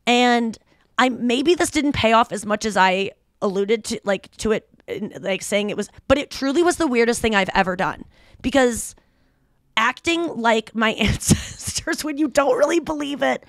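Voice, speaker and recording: A woman in her thirties hosts a podcast and tells a story in casual chat, slipping into the voices of the people in it. Her voice sits a little high. The sound is dry and close. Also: moderate pace, no echo. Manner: animated storytelling, acts out quoted voices. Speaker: podcast host.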